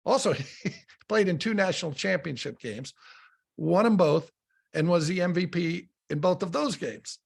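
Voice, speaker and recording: Gravelly middle-aged man telling stories. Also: high voice, normal speed. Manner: storytelling, animated, repeats words when starting. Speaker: radio analyst. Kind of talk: casual sports talk.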